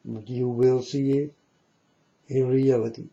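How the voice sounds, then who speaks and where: Speaking to viewers in halting non-native English, this man moralizes emphatically and repetitively, frequently asking if they follow. His mid-range voice is flat, creaky and dark, a little slow, with the high frequencies cut off.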